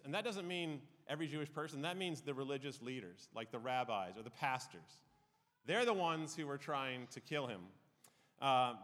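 A man's voice: fairly high pitch, fairly bright tone. A man giving an informal, conversational Bible teaching, with frequent ums and uhs. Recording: reverberant hall.

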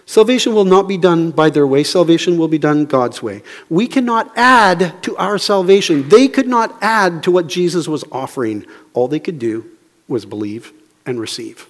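A man with a high-pitched voice preaches with fervor, dropping to near-hushed asides before rising again to impassioned, emphatic questions. His voice rings out with a long echo, as if it fills a large church sanctuary. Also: expressive, normal speed. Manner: swings between hushed, low asides and fervent raised preaching; emphatic, repetitive rhetorical questions. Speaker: pastor. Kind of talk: sermon. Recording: long reverb of a large hall.

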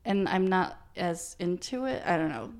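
A woman's voice: lowish voice, sing-song, moderate pace, gravelly. A woman co-hosting a casual chat, wry and teasing.

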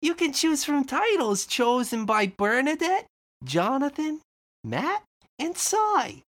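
A fussy shop owner who guards his list of members and sounds high and emphatic. A woman plays him in an improvised comedy skit. The voice moves up and down a lot and goes slowly. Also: big pitch swings, heavily acted. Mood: delighted. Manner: high, emphatic, hesitant gatekeeping. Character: fussy male retro game shop owner.

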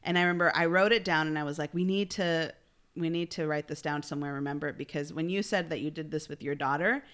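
A woman talks on a casual faith-based podcast with a bright, forward voice. She is reflective and laughs easily with her co-hosts. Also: deep voice, steady tone, fast talker. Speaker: podcast co-host.

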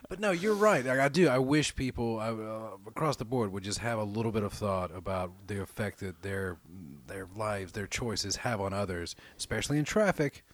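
A man co-hosting a casual chat, joking in quick banter with some swearing. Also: on the low side, lively intonation, no echo.

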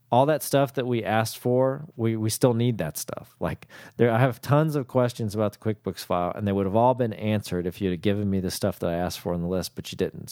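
A man's voice: lowish voice, warm tone, no room sound, studio quality. A man who works as a CPA, talking bluntly and casually to small business owners and acting out both sides of his calls with clients. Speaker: CPA and accounting firm owner.

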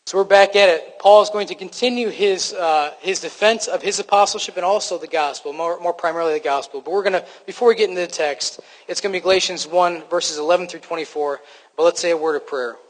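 A man with a high voice delivers a sermon in an easy, conversational way, often stumbling and restarting, and poking fun at himself. His words ring out with a long reverb, as in a large church hall. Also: quick pace. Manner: conversational, self-deprecating, frequent restarts. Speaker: preacher.

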